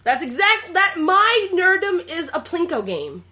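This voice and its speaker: A woman's voice: very high voice, very animated, unhurried, bright, forceful tone. A young woman co-hosting a casual gaming and gadget podcast, playful and goofy, swearing freely. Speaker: podcast co-host.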